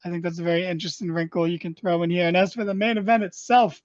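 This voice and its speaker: A man's voice: sits high, level tone, quick pace, no room sound. A man co-hosting a podcast in casual chat, rambling and joking with lots of fillers and restarts. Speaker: podcast co-host. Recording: dull, dry, lo-fi sound.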